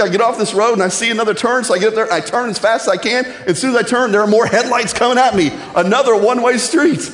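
A man preaching a sermon as pastor, talking in a conversational, joking way and telling stories with lively energy. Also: high voice, quick pace. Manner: conversational and joking, building to animated storytelling. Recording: echoey church hall.

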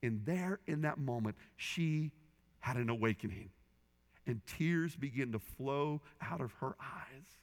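Pastor preaching in a reverberant hall. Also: male voice, medium pitch, expressive, unhurried. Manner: earnest storytelling with quoted voices, rising and falling in intensity. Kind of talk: sermon.

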